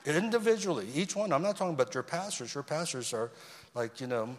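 A man preaching a sermon as a guest speaker, swinging between loud emphasis and quiet asides. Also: on the high side, a little fast. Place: church sanctuary. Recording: long reverb of a large hall.

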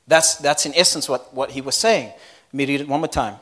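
A man preaching a sermon in an animated, conversational way, often laughing and asking the crowd questions. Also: mid-range voice, fairly quick.

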